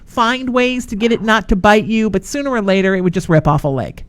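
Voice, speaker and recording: A woman hosting a call-in radio show, speaking slowly and frankly. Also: mid-range voice, expressive. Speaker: radio host.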